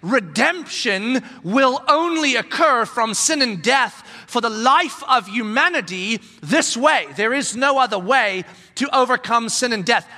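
A male pastor preaching a conversational sermon in an animated way, acting out the voices he quotes. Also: very high voice, measured pace, few pauses, big-room sound.

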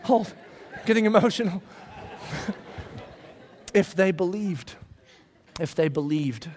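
A middle-aged man delivers a sermon in a high, tenor-range voice. He swells with rising emphasis, then pulls back to quiet, slow stretches. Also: expressive. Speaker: preacher.

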